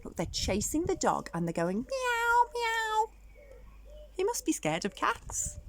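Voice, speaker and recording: A woman's voice: medium pitch, huge pitch swings, moderate pace, gravelly, a little hiss or hum. A woman teacher reading a picture book aloud to young children, speaking directly to her listeners as she goes.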